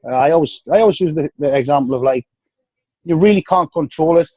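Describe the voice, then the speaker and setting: A man's voice: quick pace, dark tone, no room sound. Tired-sounding North East English man. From North East England. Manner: frank, easygoing, drops into low tired tones. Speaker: guest bodybuilder. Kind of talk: casual podcast interview. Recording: dry, dull lo-fi sound.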